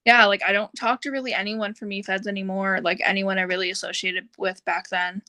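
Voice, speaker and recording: A woman's voice: mid-range voice, level tone, a little fast, pushed and bright, no echo. A young woman guest on a podcast, speaking candidly and bluntly in casual chat.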